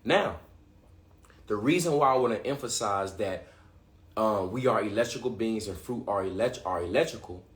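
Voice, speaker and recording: A man hosting a livestream, talking excitedly in casual slang, often restarting and repeating himself. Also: fairly low pitch, normal speed, roomy sound. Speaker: livestream host. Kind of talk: live-streamed talk to viewers.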